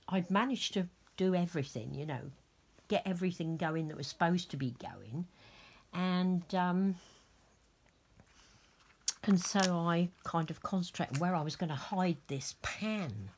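A middle-aged woman with a low, husky voice tells a long, rambling story at an unhurried pace. She chats casually, now and then dropping into soft whispered asides. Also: animated. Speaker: vlogger dressing a reborn doll. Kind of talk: casual storytelling while dressing a doll.

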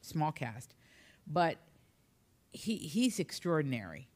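A woman author from Appalachia, telling humorous, rambling anecdotes in a relaxed conversation. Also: low-pitched, slow. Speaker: author guest. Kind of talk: storytelling in conversation.

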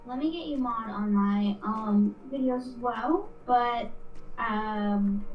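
A woman chatting excitedly with a fellow streamer, gushing about her viewers. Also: on the high side, slow, echoey room, recorded from a distance, muffled recording. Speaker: guest streamer. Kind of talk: casual live stream chat.

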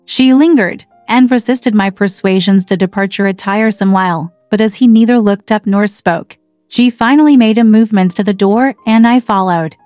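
A woman narrating a classic novel in a measured, even storytelling voice. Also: mid-range voice, clear, resonant tone, dry recording, soft background music. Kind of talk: audiobook narration.

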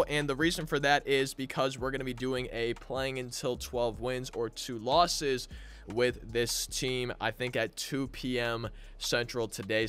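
A young man commentating his own baseball video game, swinging between frustrated groans and loud hype. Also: medium pitch, clear, resonant tone. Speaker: gaming channel host. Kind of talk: live gameplay commentary.

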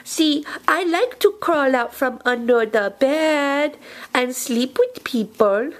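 A woman's voice: sits high, expressive. A woman doing a creepy monster imaginary friend. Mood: eerie dreamy. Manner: slow, dreamy, drifting into whispers. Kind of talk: comic character monologue.

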